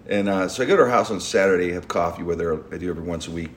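A man's voice: low voice, rapid-fire, slight background noise. A middle-aged man, hosting a podcast and telling a long rambling story with restarts and stumbles. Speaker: podcast host. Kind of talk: casual storytelling chat.

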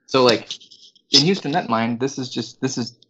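A man's voice: mid-range voice, normal speed, heavy background noise. A man co-hosting a casual sports podcast, joking and laughing often, tripping over his words. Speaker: podcast co-host. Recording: dull lo-fi recording.

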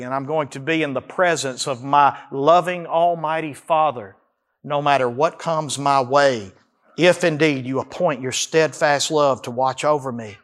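A male pastor preaching a sermon, speaking his prayers aloud with emphatic rises and slow drawn-out phrases. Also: medium pitch, fairly bright tone.

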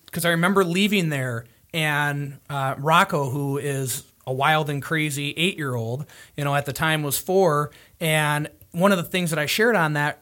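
Male host, slightly raised pitch, casual conversation, reflective, earnest tone. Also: fairly bright tone. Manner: earnest and reflective, with frequent fillers. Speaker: podcast host.

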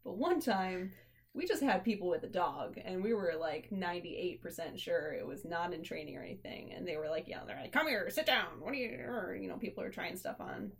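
A woman's voice: fairly low pitch, animated, brisk, vocal fry. A young woman chatting casually as a podcast co-host, telling stories with dry, teasing humor. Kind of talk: casual chat.

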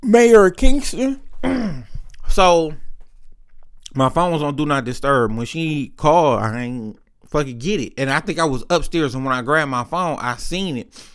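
A young man with a clear, smooth voice pitched a little high, hosting a podcast. He tells rambling, candid stories in casual chat and swears freely. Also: expressive, unhurried. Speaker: podcast host. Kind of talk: casual storytelling.

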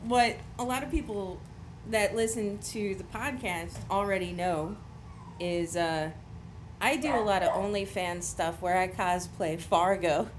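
A woman's voice: mid-range voice, a little slow, noisy background. A woman with a Midwestern accent, co-hosting a podcast in playful, teasing banter. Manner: playful, teasing, laughs often. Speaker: podcast co-host.

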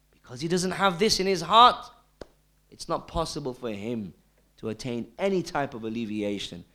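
A male preacher giving a sermon, emphatic and full of rhetorical questions, dropping to hushed tones and rising again. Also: on the high side. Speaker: Islamic preacher.

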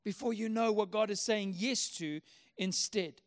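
A man's voice: sits high, a little slow. A man preaching a sermon as a pastor, earnest and emphatic, often repeating his key phrases.

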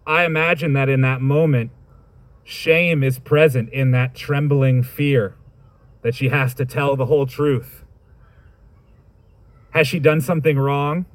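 A man's voice: mid-range voice, no room sound. A man preaching a sermon, reading scripture and reflecting on it in a thoughtful, conversational way with informal asides.

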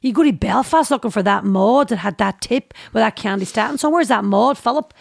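A woman with a Derry accent, a guest telling lively stories in a casual interview, acting out quoted voices and saying "aye" a lot. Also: mid-range voice, brisk, gravelly, no echo, clean studio sound. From Derry, Northern Ireland. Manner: animated storyteller, acts out quoted voices, says "aye" often. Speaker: guest actor and singer.

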